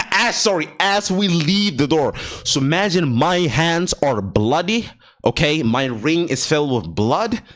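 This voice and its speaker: A man's voice: on the high side, very animated, a little slow, fairly bright tone. A young man vlogging a casual storytime, slangy and profane, laughing often and sometimes dropping to a near-whisper.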